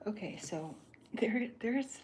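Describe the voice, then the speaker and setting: An older, soft-spoken woman artist in a whispered role-play, thinking aloud in halting bits while she sketches. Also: fairly high pitch, animated, slight background noise.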